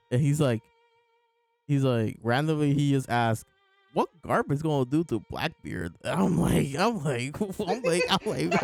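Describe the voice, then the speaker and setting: A man's voice: mid-range voice, animated, measured pace, creaky, a little mellow, no room sound, soft background music. A man casually reviewing and discussing a comic chapter, rambling with many fillers and chuckles. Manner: laid-back, rambling, lots of fillers and laughs. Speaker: podcast host reviewing a manga chapter. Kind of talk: casual chat.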